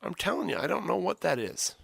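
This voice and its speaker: A man on a casual podcast, swearing his way through exasperated rants. His voice sits a bit high and bright, and it is recorded close and dry with no room sound. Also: lively intonation, fast, creaky, dry recording. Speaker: podcast co-host. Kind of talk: casual chat.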